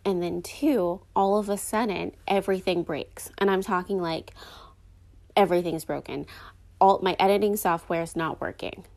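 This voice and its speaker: A woman's voice: on the low side, steady tone, normal speed, darkish tone. A young woman hosting a podcast alone in rambling, chatty talk full of fillers. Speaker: podcast host. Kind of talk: casual solo podcast chat.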